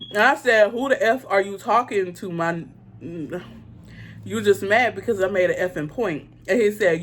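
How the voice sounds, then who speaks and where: A woman's voice: mid-range voice, unhurried. Blunt, fired-up woman vlogger. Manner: indignant, blunt and profane, talks straight to viewers. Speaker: beauty vlogger. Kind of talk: casual storytime chat while doing makeup.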